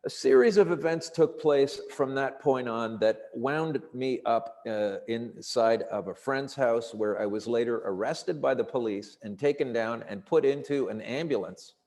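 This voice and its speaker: Animated man telling stories, reverberant. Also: mid-range voice, unhurried, few pauses. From Canada. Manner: animated and profane, acting out quoted people. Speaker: comedian guest. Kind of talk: storytelling in casual conversation. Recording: long reverberant room sound.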